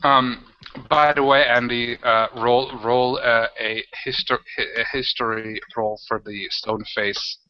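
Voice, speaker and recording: A man narrating a tabletop game as game master, halting and repeating words as he goes. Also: mid-range voice, fairly even intonation. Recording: dull lo-fi home recording, faint noise.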